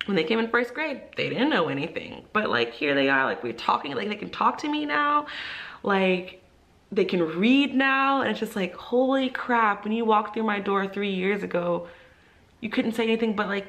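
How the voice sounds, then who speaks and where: A young ESL teacher vlogs to camera, rambling casually with plenty of fillers, and she's crying, easily moved to tears. Her voice is fairly low and a little bright.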